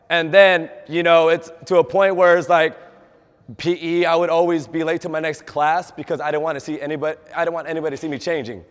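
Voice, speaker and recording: A man's voice: a little high, steady tone, a little fast. A young man, a fitness trainer, giving a casual motivational talk to a group, often asking them questions and acting out quoted dialogue. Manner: chatty, asks the audience questions, acts out quoted dialogue. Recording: long hall reverb.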